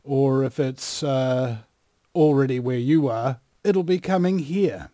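A middle-aged man with a New Zealand accent hosting a talk radio show, joking and growing animated as he presses his points. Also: mid-range voice, slow pace, no room sound, clean studio sound.

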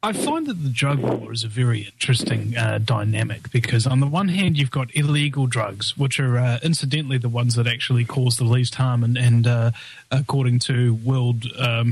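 A man's voice: mid-range voice, breathy edge, no room sound. A man hosting a casual talk show, rambling through wry, jokey asides. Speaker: host. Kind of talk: casual podcast chat.

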